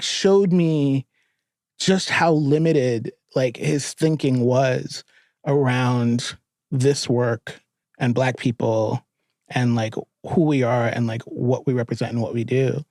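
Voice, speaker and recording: A middle-aged man from New York, a podcast guest telling stories in a lively, profane, laughing way. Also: mid-range voice, slow pace, no room sound, studio quality. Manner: animated, profane storytelling with frequent laughter. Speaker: podcast guest, therapist and filmmaker. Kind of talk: casual storytelling interview.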